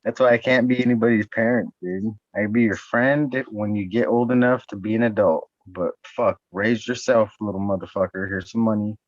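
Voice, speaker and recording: A man's voice: lowish voice, steady tone, brisk, few pauses, no echo. A man hosting a podcast, joking crudely in profane, rambling banter. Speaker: podcast host. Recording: dull dry sound.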